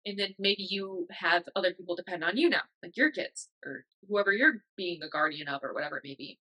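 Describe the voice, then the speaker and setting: A woman's voice: on the low side, brisk, sharp tone, highs cut off. A woman in her thirties hosting a podcast, talking in a casual, emotional way with many fillers. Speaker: podcast host. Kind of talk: casual reflective monologue.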